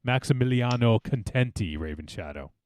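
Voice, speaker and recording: Joking lively-voiced podcast host man. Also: mid-range voice, moderate pace. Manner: loose and joking, swears freely, many fillers. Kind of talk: casual chat.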